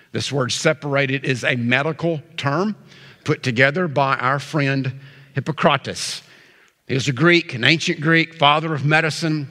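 A man preaching a sermon as pastor, emphatic, slowing down and pausing on key words. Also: mid-range voice, sharp tone. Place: church sanctuary. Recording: church sanctuary reverb.

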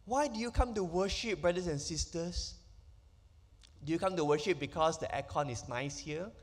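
Man, pastor, sermon, high voice, long church-hall reverb. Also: normal speed. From Malaysia. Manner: emphatic preaching with rhetorical questions. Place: church sanctuary.

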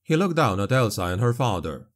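A man narrating a dark fantasy audiobook in a steady, dramatic storytelling manner. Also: on the low side, brisk.

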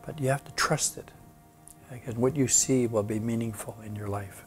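A man voicing a calm, wise frog mentor in a spoken folk tale, talking slowly and gently. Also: medium pitch, faint music behind, lightly acted. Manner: slow, gentle and reassuring.

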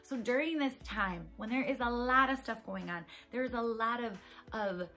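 A woman's voice: a little high, normal speed, sharp tone, faint music behind. A woman giving a casual devotional message at home, speaking earnestly and conversationally and repeating key phrases for emphasis. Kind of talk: casual devotional encouragement talk.

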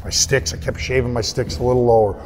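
A man's voice: medium pitch, fast, soft background music. Emotional man telling stories. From Canada. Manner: emotional, lively storyteller. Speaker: guest, hockey analyst. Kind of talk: storytelling interview.

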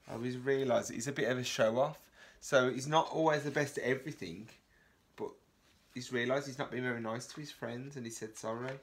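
A man's voice: mid-range voice, fairly even intonation, a little fast. A man teaching a reception class remotely, reading a picture book aloud with gasps and questions to the children. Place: home, remote lesson video.

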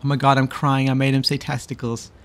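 A man's voice: mid-range voice, little pitch movement, fairly quick, fairly bright tone, a little hiss or hum. A man streaming live, chatting casually and teasing back and forth with his viewers. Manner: bantering with chat, teasing and exasperated.

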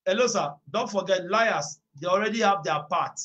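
A man preaching at an online prayer meeting, reading scripture emphatically, repeating phrases and bursting into drawn-out shouts. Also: high-pitched, dull audio.

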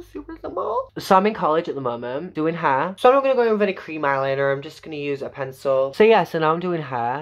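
A young man from Yorkshire with a Yorkshire accent, chatting casually and going off on tangents in a home makeup vlog. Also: dull audio. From Yorkshire, England. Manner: chatty and tangential, with sudden high exclamations. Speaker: vlogger. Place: home bedroom.

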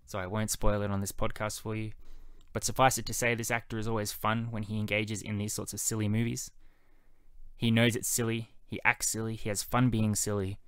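Male podcast film reviewer, slightly low pitch, dry recording, wry measured delivery. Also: level tone, fairly bright tone, clear, resonant tone, dry recording. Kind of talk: solo spoken movie review.

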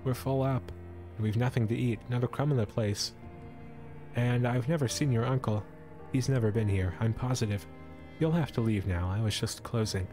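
A man's voice: medium pitch, normal speed, over music, close to an everyday voice. A man voicing a haggard, nervous male innkeeper in a storybook adventure, speaking in a small, anxious voice. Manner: nervous, hand-wringing.

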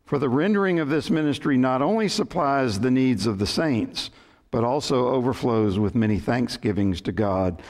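A man preaching a sermon, reading scripture in a measured way and telling light jokes, lifting his voice for the characters in them. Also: medium pitch, darkish tone. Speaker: pastor. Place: church sanctuary.

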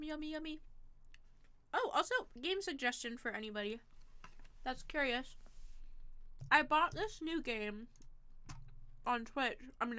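Young female streamer, bright voice, unhurried and chatty, self-deprecating. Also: high-pitched. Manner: chatty, self-deprecating, reads chat aloud. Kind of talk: casual gaming stream chat.

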